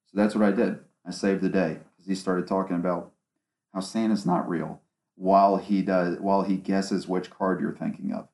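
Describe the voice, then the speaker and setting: A man's voice: low-pitched, flat delivery, normal speed, creaky, a little mellow. A young man hosting his own podcast alone in a small home studio, talking casually and ranting with sarcasm. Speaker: podcast host. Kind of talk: solo casual podcast talk. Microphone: one omnidirectional microphone.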